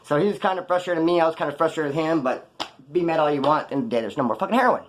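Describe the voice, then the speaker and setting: A man's voice: fairly high pitch, very fast, a little hiss or hum. A man casually telling rambling, profane prison stories off the cuff, full of slang. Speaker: storyteller recounting his prison past.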